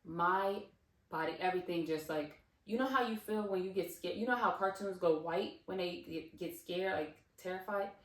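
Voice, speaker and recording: A woman's voice: on the low side, normal speed, roomy sound, recorded from a distance. A woman vlogger telling a casual storytime, rambling with many fillers and restarts.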